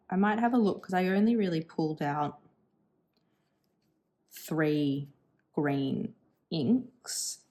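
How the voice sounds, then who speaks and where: A woman in her thirties with a deep, dark-toned voice chats casually and thinks aloud as she swatches inks for her stationery channel. She's musing and self-deprecating throughout.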